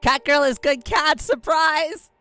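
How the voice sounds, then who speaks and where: A woman's voice: high-pitched, slow pace, sharp tone, faint music behind. A woman streamer chatting casually with her viewers, giggly and playful, often laughing at herself. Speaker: live streamer.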